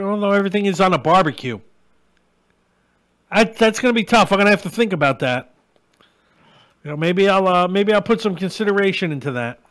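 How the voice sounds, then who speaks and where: A man's voice: high-pitched, fairly bright tone. A middle-aged man hosting a live-stream show, ranting bluntly and crudely and greeting viewers as they join. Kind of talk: live-stream rant and chat.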